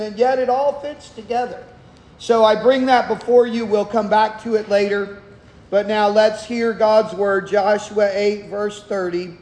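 A man preaching a sermon as pastor of a church, reading scripture and explaining it in a measured, unhurried way with frequent restarts. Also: high voice, darkish tone. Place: church sanctuary. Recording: echoey hall, long reverb.

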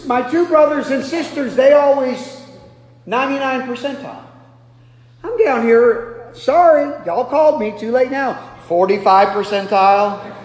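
A pastor from Nebraska preaching a sermon, telling self-deprecating stories and breaking into loud bursts. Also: male voice, high-pitched. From Nebraska, USA. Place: large church hall. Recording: echoey hall with long reverb.

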